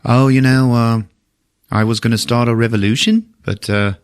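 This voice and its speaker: A man with a put-on New Zealand accent voicing a huge, gentle male rock creature who talks in a soft-spoken, easygoing way. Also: medium pitch, steady tone, moderate pace, clear, resonant tone, close to an everyday voice.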